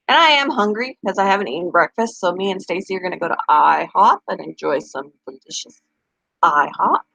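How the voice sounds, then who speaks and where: A woman's voice: medium pitch, animated, brisk, vocal fry, fairly bright tone, dry recording, lo-fi sound. Chatty woman pet vlogger, dry sound. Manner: chatty, talks back to viewers' comments. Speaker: pet channel host. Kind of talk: casual live-stream chat.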